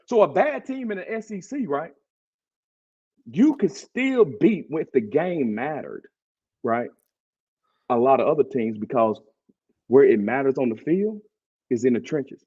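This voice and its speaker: A man with a Southern twang hosting a casual sports talk show, animated and slangy, leaning on "bro" to drive points home. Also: mid-range voice, a little slow, long pauses, breathy edge, lo-fi sound. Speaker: podcast host.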